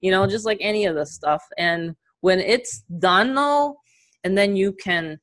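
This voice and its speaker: With a mid-range voice and a measured pace, a middle-aged woman from New York leads a live online business session by video call. Her style is lively and talkative, punctuated by frequent laughter.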